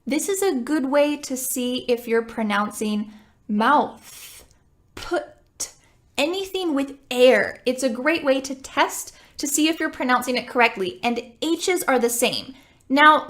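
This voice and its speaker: A woman teaching English pronunciation, speaking clearly and slowing down to model sounds for learners. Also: high voice, a bit bright. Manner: slow, deliberate modeling of sounds. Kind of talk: pronunciation lesson.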